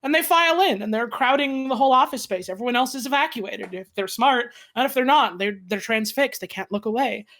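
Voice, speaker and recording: A woman improvising a comedic story as a player, bursting into shouted character voices. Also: a little high, a little fast, few pauses.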